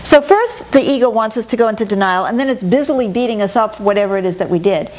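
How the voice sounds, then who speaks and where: A middle-aged woman teaching a talk on personal growth, animated, often acting out quoted inner voices. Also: on the high side, fast. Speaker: workshop teacher.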